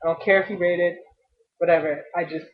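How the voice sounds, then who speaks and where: A young adult woman venting in a personal vlog, frustrated and halting, often restarting her sentences. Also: lowish voice, fairly even intonation. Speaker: vlogger. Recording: dull lo-fi webcam audio.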